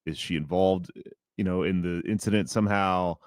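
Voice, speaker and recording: A man's voice: sits low, fairly even intonation, normal speed, dry recording. A man co-hosting a podcast, rambling loosely through a movie recap with lots of fillers and restarts. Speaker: podcast co-host. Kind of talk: casual chat.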